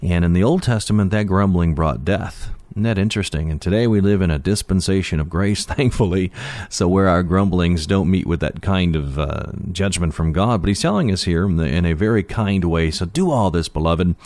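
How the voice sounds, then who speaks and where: A man with a fairly low voice teaches through a Bible passage in an unhurried, conversational manner. He pauses on fillers and lifts his voice to stress key words. The recording is dry and close, with no room sound. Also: a little mellow, no echo.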